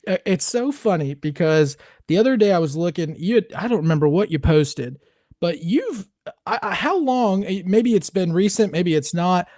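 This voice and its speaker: High-voiced podcast host man. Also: animated, normal speed, a little mellow, dry recording, clean studio sound. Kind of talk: casual podcast interview.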